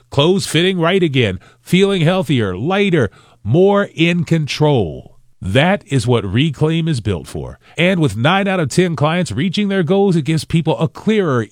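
Ad guy telling his own story, earnest, really animated voice, dry studio. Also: no room sound. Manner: earnest, conversational pitch. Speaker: ad spokesperson. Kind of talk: personal endorsement ad read.

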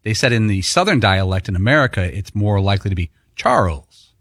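A man on the studio crew of a sports radio show, measured and matter-of-fact as he looks things up. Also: fairly low pitch, expressive, a bit bright, dry recording. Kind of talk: studio banter.

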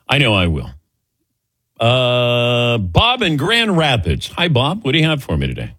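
A man's voice: mid-range voice, big pitch swings, normal speed, fairly bright tone, breathy edge, no echo. A man in his sixties hosting a call-in sports radio show, chatty and laughing easily as he tells stories. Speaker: radio sports talk host.

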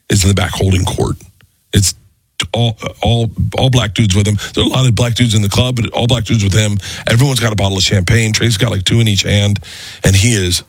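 A man's voice: on the low side, husky, dry recording. A male comedian animatedly telling a story on a podcast, jumping into voices mid-story, on a close mic. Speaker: comedian guest.

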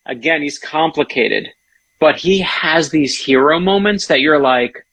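Male author guest, husky and gravelly, keen storyteller in casual talk. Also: a little high, lively intonation, a bit bright. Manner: enthusiastic storyteller, quick asides. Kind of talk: casual chat.

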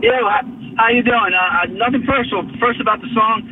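A man calling in to a radio show with a brash, rapid rant. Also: high voice, noisy background. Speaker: caller. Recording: phone line.

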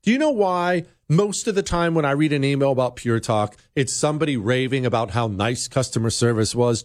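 A man's voice: animated, no echo, clean studio sound. Combative talk radio host, man. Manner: combative, swings from low and quick to high and mocking. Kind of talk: political talk radio monologue.

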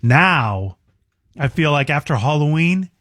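Silly radio guy, bouncy and a bit high, dry studio sound, keeps yelling stuff. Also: expressive, measured pace, dry recording. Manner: goofy, bursts into shouting and sing-song. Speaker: radio show host. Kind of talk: loud playful morning radio banter. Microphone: studio mic.

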